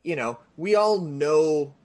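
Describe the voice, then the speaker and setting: A man's voice: on the high side, lively intonation, slow, a little mellow, no echo. A man hosting a podcast, talking in a rambling, sarcastic way with lots of restarts and fillers. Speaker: podcast host. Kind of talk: casual podcast banter. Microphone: studio microphone.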